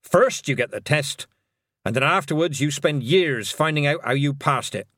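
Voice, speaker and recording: A man's voice: on the high side, expressive, fairly bright tone, no room sound, pitched above the performer's own voice. Granny Weatherwax, a curt old witch, read by a man. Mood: stern. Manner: slow, clipped and dry. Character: stern older witch, curt and commanding.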